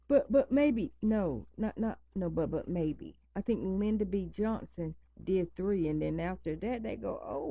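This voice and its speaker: A woman chats loosely to her viewers from home, circling back and repeating points for emphasis. Her slow, low voice has a gravelly edge and a mellow, dark tone, and the recording is close and dry. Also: no room sound. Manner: rambling, repeats herself for emphasis. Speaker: vlogger. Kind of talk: casual chat to camera. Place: home at night, near pets.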